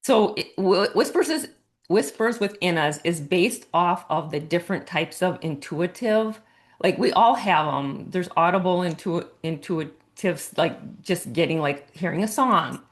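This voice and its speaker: A woman's voice: lowish voice, animated, measured pace. A woman coach and author talking casually in a podcast interview, explaining her ideas in an earnest, meandering way.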